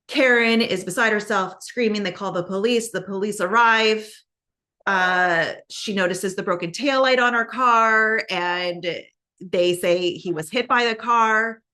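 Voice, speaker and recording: Woman host, bright tone, casual true-crime retelling, chatty with fillers. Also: mid-range voice. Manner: conversational, many fillers, acts out quoted lines. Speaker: podcast host.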